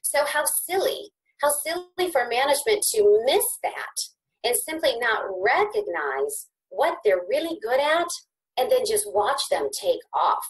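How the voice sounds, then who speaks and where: A middle-aged woman, a podcast guest, speaking conversationally and with animation, her pitch swooping high when excited and her words often restarting. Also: measured pace, low-quality recording. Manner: frequent repeated word restarts. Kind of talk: conversational interview.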